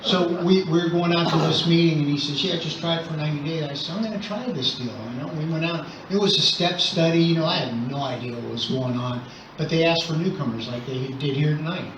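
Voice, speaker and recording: With a fairly high-pitched voice and quick pace, an older man from Southern California addresses an AA meeting in a meeting hall about his recovery, chatting with dry humor. The recording is distant, roomy, and muffled by noise.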